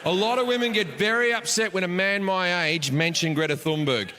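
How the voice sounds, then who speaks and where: A man's voice: sits high, brisk, pushed and bright. A man doing stand-up comedy with a sly, teasing delivery.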